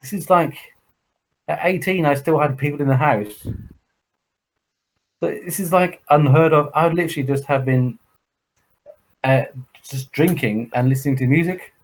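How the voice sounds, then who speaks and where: A man's voice: on the high side, moderate pace, long pauses, poor audio. An English man co-hosting a podcast, telling a long sweary story in casual chat and acting out the other people in it. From England. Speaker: podcast co-host.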